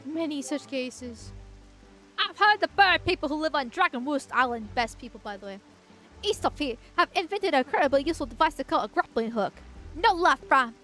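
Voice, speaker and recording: A talking fish from an adventure game, male, chatty and pushy, throwing out tips in loud slangy bursts, as a woman puts him on. His voice sits high and bright above her own, with a faint music bed behind. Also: expressive, moderate pace, full character voice. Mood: brash.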